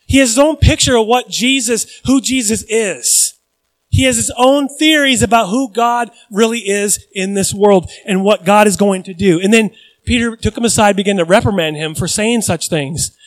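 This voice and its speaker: High-voiced animated male preacher. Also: moderate pace, dry recording, low-quality recording. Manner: animated, conversational preaching with jokes and audience questions. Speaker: pastor. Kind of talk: sermon.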